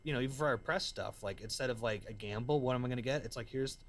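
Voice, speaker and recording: A man's voice: mid-range voice, quick pace. A man from the American South, telling stories in casual slang as an interview guest. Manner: excitable storyteller, slangy, says man and dude. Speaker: guest, musician and entrepreneur.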